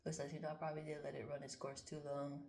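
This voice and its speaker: A woman's voice: deep voice, level tone, quick pace, vocal fry, darkish tone, reverberant. A woman reading cards and thinking aloud in a casual, candid way, swearing freely as she muses. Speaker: card reader. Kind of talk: casual spiritual card-reading monologue.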